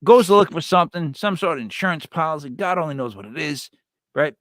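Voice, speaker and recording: A man hosting a live stream, chatting casually and telling stories with lots of restarts and sudden loud yells. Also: a little high, lively intonation, quick pace, no room sound, studio quality. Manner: rambling storyteller with many restarts, bursts into loud yells. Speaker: livestream host.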